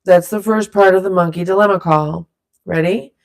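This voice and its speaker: A woman leading a silly vocal warm-up in a playful, rambling way, drifting into loose improvised rapping. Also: on the low side, fairly even intonation, moderate pace, creaky. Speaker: vlogger leading a vocal exercise. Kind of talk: playful casual instruction.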